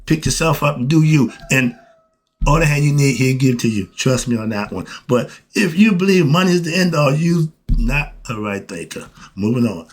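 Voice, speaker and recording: Man, husky voice, mid-pitched, preachy monologue, blunt and emphatic, asks and answers himself. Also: expressive, moderate pace. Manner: emphatic, asks and answers his own questions; colloquial, blunt. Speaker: host.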